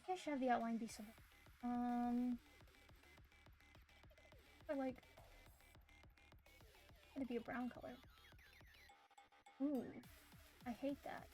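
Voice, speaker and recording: A woman's voice: on the high side, steady tone, slow pace, pauses often, warm tone, faint music behind. A woman with a Southern US accent, chatting casually on a stream as she draws, thinking aloud and explaining things to her chat.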